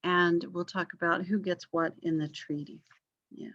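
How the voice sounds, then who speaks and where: A woman teaching a history class online in a relaxed, conversational way, with frequent fillers and apologetic asides. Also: lowish voice, moderate pace, highs cut off. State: coughing, yawning.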